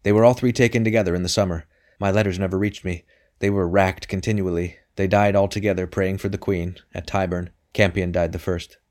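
A man's voice: low voice, steady tone, a little fast, a little mellow, close to an everyday voice. A man reading a distraught, urgent messenger. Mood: agitated. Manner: urgent and agitated. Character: distraught man, messenger bringing bad news.

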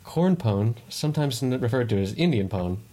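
A man with a mellow mid-range voice co-hosts a podcast, speaking animatedly at a moderate pace. In casual chat he rambles, explains things at length, and keeps restarting and correcting his sentences.

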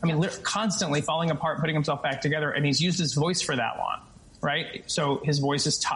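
A man's voice: a little high, a bit bright, low-quality recording. A man with a tenor voice, an actor and guest, talking casually in an interview and explaining with frequent restarts and asides.

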